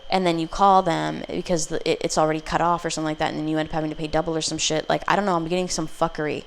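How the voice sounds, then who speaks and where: Brief: a woman doing a casual tarot reading, rambling and profane, with a gravelly low voice. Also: slight background noise. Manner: blunt, profane, rambling, with acted quotes. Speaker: tarot reader.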